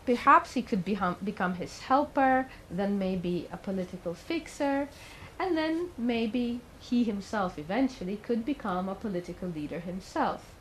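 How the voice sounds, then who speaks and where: A woman's voice: mid-range voice, expressive, normal speed, hardly any pauses, slight background noise, rough recording. Woman telling a story in a talk. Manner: conversational, asks the audience questions. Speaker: speaker giving a talk. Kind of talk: storytelling lecture.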